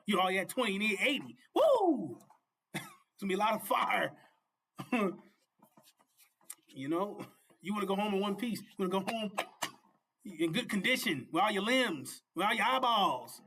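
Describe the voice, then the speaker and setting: Male preacher-host, high ringing voice, fervent and repetitive, loose informal sermon with bursts of shouting. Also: slight background noise. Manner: fervent, repetitive, often asks "You see?"; laughs and shouts at peaks.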